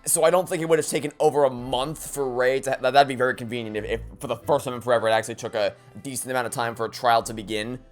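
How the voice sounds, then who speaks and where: A man's voice: mid-range voice, fairly even intonation, rapid-fire, few pauses, soft background music. A man giving casual let's play commentary, thinking aloud in a rambling way with many restarts.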